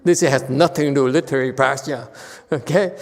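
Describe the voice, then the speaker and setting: A man's voice: medium pitch, brisk. A man giving a casual Buddhist dharma talk as teacher, chatty and teasing, laughing often. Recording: reverberant hall.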